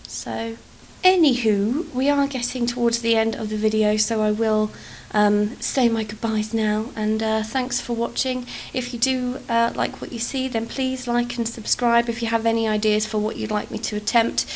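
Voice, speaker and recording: A woman's voice: a little high, flat delivery, normal speed, few pauses, slight background noise. A young English woman with an accent that slides between posh and Cockney, chatting casually over gameplay in a rambling, self-deprecating way and swearing freely. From England. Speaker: YouTuber.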